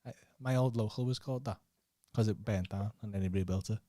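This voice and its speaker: A man's voice: fairly low pitch, quick pace, mellow, dry recording, studio quality. A man with a Scouse accent, hosting a casual podcast chat and teasing his guest with plenty of swearing and laughter. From Liverpool. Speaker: podcast host.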